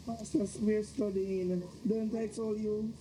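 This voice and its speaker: An actress playing Mary, a prim churchgoing Jamaican wife who scolds her husband to lower his voice. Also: little pitch movement, slow pace, noisy background, close to an everyday voice. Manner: scolding, insisting on respectability. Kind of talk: Jamaican film drama acting.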